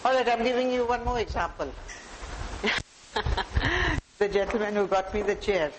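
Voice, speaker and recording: A woman's voice: medium pitch, moderate pace. Indian-accented woman, motivational speaker, engages the audience directly, room tone with faint hiss. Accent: Indian English. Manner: warm, direct, addresses audience members by name. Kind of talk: live talk to a small audience. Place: talk room with live audience.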